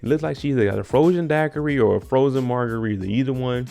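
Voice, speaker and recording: A man's voice: medium pitch, fast talker, vocal fry, dark tone. A man casually recapping a TV episode, with laid-back, joking slang. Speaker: TV recap host.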